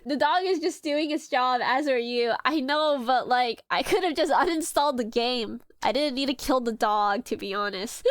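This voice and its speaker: A woman's voice: sits high, moderate pace, few pauses, dry recording, studio quality. A woman streamer reacting to a video in casual chat, emotional, laughing and rambling.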